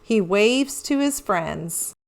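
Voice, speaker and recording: A woman reading a children's storybook aloud with an expressive, animated storytelling manner. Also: mid-range voice, takes it slowly, creaky, very noisy. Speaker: children's book reader.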